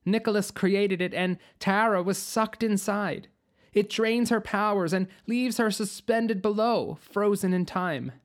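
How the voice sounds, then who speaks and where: A narrator voicing a guarded young female witch who speaks softly and pointedly. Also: medium pitch, measured pace, pitched above the performer's own voice, natural voice. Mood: somber.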